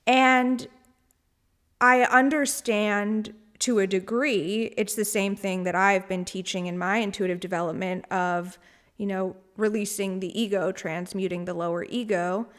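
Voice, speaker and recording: A woman's voice: mid-range voice, steady tone, a little slow. A woman hosting a solo spiritual podcast, talking in a candid, rambling way with frequent laughs and casual swearing. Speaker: podcast host.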